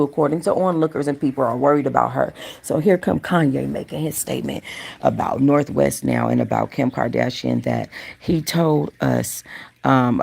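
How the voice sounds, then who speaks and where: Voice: medium pitch, gravelly. A gossip channel host chatting casually and directly to viewers during a livestream. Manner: chatty, talks straight to viewers.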